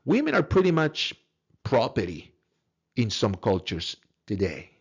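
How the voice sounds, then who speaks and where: A man's voice: medium pitch, huge pitch swings, a little slow, breathy edge, muffled recording. A man giving a recorded philosophy lecture in an earnest, emphatic way, repeating words and asking rhetorical questions.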